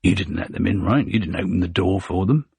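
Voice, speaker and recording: A man narrating a suspense thriller audiobook in a steady, measured way. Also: low-pitched, creaky, slightly rough, no echo.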